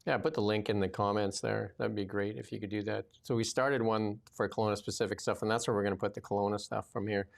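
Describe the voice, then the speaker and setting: A man's voice: on the low side, level tone, quick pace, vocal fry, few pauses. A man hosting a casual political talk show, rambling with many fillers. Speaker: podcast host.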